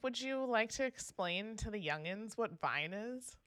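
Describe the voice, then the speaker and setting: A woman's voice: mid-range voice, measured pace, no room sound, studio quality. A young woman co-hosting a podcast, talking as an enthusiastic fan in casual chat. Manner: enthusiastic fan, lively and expressive. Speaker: podcast co-host.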